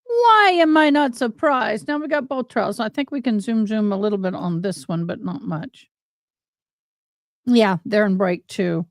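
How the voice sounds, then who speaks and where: Slow-talking chatty woman streamer. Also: mid-range voice, lively intonation, no echo, clean studio sound. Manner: chatty and rambling, addresses viewers as y'all. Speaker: livestream host commenting on court trials. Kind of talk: casual live-stream chat.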